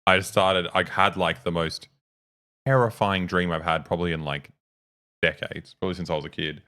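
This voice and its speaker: A young man with a fairly low voice tells a story in a casual chat, swearing freely and getting animated as he goes. His delivery stays loose and conversational. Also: normal speed. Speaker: co-host.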